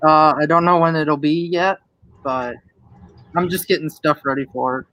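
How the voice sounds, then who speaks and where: A young man chatting as a guest on a live stream, telling a story at an unhurried pace with many fillers. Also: fairly high pitch, bright, forceful tone, no echo, muffled recording. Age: young adult. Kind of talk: casual live-stream chat.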